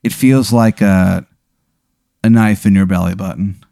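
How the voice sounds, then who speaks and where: A man's voice: sits low, a little slow, creaky, no room sound, clean studio sound. A man hosting a comedy podcast, improvising a rambling story for his co-host. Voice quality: animated, rambling with fillers.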